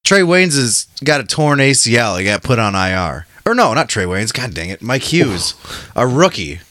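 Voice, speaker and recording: Animated casual podcast guy, dry sound. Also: medium pitch, normal speed, no echo. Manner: laid-back, swearing, trails off. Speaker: podcast co-host. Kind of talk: casual chat.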